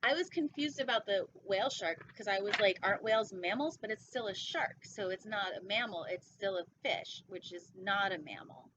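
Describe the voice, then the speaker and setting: A woman's voice: medium pitch, moderate pace, hardly any pauses, fairly bright tone, a little hiss or hum. A woman hosting a casual storytime, reading a picture book with goofy, rambling asides. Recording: dull lo-fi recording.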